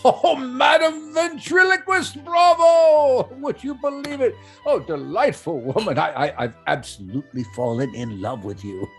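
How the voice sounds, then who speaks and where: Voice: mid-range voice, moderate pace, hardly any pauses, a little mellow, soft background music, natural voice. An actor playing a flustered, debt-ridden older landowner in a stage play, stammering as he goes. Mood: delighted. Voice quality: husky, stammering. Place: theatre stage.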